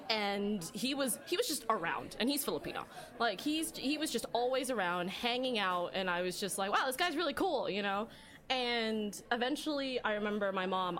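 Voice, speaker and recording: A woman's voice: medium pitch, a bit bright. A woman hosting a casual podcast chat, candid and talkative, laughing often and swearing now and then. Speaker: podcast host.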